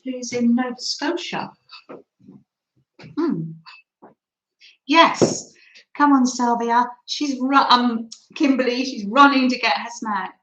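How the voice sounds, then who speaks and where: A woman's voice: a little high, a bit bright, echoey room, muffled recording. A woman hosting a chatty craft livestream, reading out and answering viewer comments and laughing often. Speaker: livestream host.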